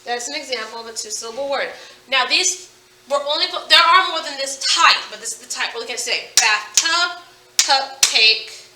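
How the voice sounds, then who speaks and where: Emphatic teacher sounding out words. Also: female voice, sits high, fairly quick, recorded from a distance, noisy background. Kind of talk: recorded phonics lesson for children. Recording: echoey room, voice from off-mic.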